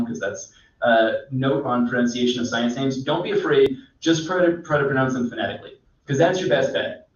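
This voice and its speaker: Man explaining mushrooms, echoey and distant. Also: medium pitch. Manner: relaxed, rambling teacher with many fillers. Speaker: mycologist guest. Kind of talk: casual explanatory chat. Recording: echoey, distant, dull sound.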